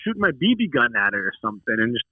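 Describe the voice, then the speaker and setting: A man's voice: medium pitch, sing-song, racing, dry recording. A man co-hosting a podcast, reacting with short replies and asking follow-up questions in casual chat. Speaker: podcast co-host. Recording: tinny phone-like sound.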